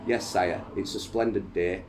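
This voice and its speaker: A man with a low voice reading the polite, dryly witty replies of a male court physician in a read-aloud history passage. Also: steady tone, unhurried, darkish tone, slight background noise. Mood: deferential. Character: dry deferential male court doctor.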